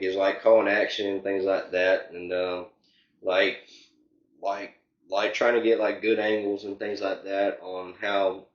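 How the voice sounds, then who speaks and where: A man's voice: fairly low pitch, darkish tone, echoey room, lo-fi sound. A young man, answering interview questions casually with many filler words. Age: young adult. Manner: rambling, heavy filler words. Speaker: interview guest.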